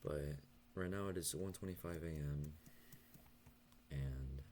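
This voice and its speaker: A young man talking softly and hesitantly in a late-night confessional vlog, stuttering and pausing as he goes. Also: a bass voice, a little hiss or hum. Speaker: vlogger.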